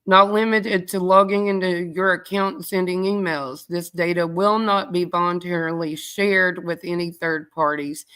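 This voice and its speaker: A woman hosting a livestream, reading a privacy policy aloud quickly, with sassy asides to viewers. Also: on the low side, a bit bright, smooth. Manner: reads quickly, breaks off to chat with viewers. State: out of breath. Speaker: true crime livestream host.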